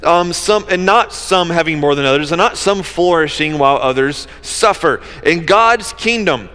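A man's voice: on the high side, lively intonation, normal speed, sharp tone, clear, resonant tone. A man preaching a sermon in an earnest, conversational way, with casual asides. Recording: long hall reverb.

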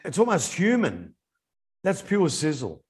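A man's voice: on the high side, measured pace, slightly rough. A man co-hosting a casual business chat, telling stories with animation. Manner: animated storyteller. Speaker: podcast co-host.

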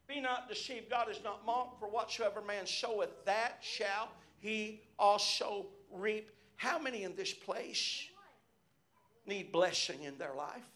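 A man's voice: high-pitched, takes it slowly, fairly bright tone. A middle-aged man preaching a sermon as pastor, telling personal stories and punctuating his phrases with repeated amens. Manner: personal storytelling from the pulpit.

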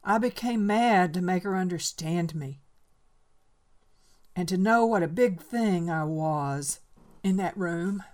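A woman's voice: medium pitch, pitched above the performer's own voice, natural voice. A woman voicing a lonely old man making a desperate, bitter confession, in a raised and emphatic voice. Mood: pleading.

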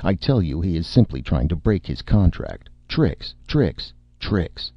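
A man voicing a bombastic, self-important male film director who shouts his lines theatrically, in a dry, slightly muffled recording. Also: sits low, very animated, unhurried, no echo, full character voice. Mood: indignant.

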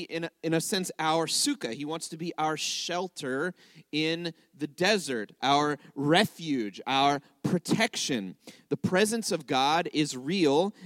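A man with a fairly high voice leads a congregation through a lively sermon, talking to them in a casual, back-and-forth way. The sound is dry and close, with no room echo. He keeps asking his listeners to follow along and join in. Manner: conversational, checks in with listeners often. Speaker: congregational teacher. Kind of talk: interactive sermon teaching.

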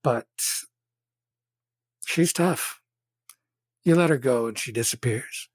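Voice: medium pitch, slow pace, breathy edge, no room sound. A game master narrating a tabletop game in a chatty way, with fillers and asides.

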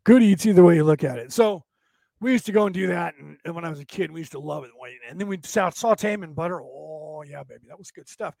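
A man's voice: sits high, quick pace, gravelly, dark tone, dry recording. A man from California chatting casually to viewers in a folksy, rambling way, often tagging his sentences with "right?". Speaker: livestream host reading chat.

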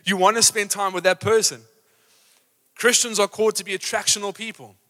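A man preaching an energetic, rousing live sermon in a church, acting out his examples. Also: high-pitched, fairly quick. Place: church auditorium. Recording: live church hall reverb.

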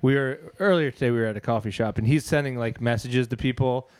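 A man's voice: mid-range voice, fast, darkish tone, no room sound. A man co-hosting a comedy podcast, rambling through loose, laughing chat and trying out silly bits. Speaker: podcast co-host.

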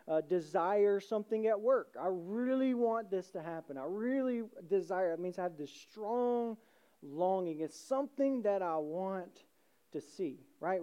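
Mellow-voiced pastor preaching conversationally. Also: mid-range voice, highs cut off. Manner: conversational, asks rhetorical questions, adds "right?". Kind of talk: sermon.

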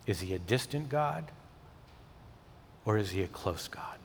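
A male pastor delivering a sermon, swinging from emphatic peaks to soft, intimate tones. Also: on the low side, animated, measured pace, slight background noise. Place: church sanctuary. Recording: long hall reverb.

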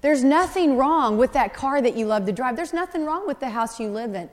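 High-voiced woman preaching in a hall. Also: fairly quick. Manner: animated, conversational storytelling with voiced asides. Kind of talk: sermon.

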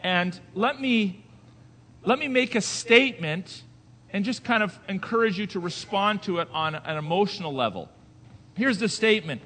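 In a large hall, a male pastor with a high, lively voice preaches a sermon at normal speed. He alternates between quiet conversational asides and loud, emphatic declarations, throwing rhetorical questions at the congregation.

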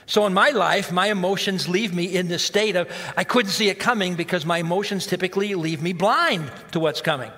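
A man's voice: sits high, brisk, hardly any pauses, sharp tone. A man preaching a conversational sermon, acting out the inner voices of his listeners. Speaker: pastor. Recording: long hall reverb.

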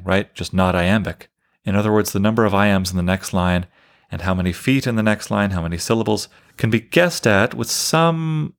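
A man with a very low voice and a gravelly edge delivers a literature lecture. He explains things step by step, counting and summarizing as he goes. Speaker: literature teacher. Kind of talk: lecture on poetic meter.

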